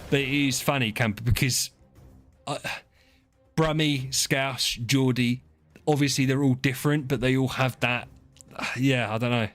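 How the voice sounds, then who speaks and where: A man's voice: medium pitch, fairly even intonation, unhurried, pauses often, fairly bright tone, faint music behind. A man from England, streaming and chatting casually with his viewers in a teasing, rambling way. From southern England. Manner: chatty, teasing, frequent restarts and laughs. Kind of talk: casual chat with chat readers.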